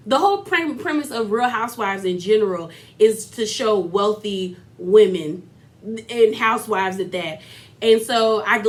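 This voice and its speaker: A woman vlogger giving a casual, chatty recap of a reality show, full of fillers and laughter. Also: medium pitch.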